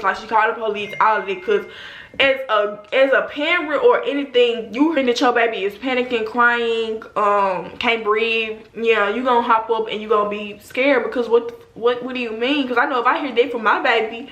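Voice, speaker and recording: A young adult woman vlogger telling a story in a slangy, animated way, talking straight to her viewers. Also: on the high side, normal speed. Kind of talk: casual storytime. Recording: roomy echo.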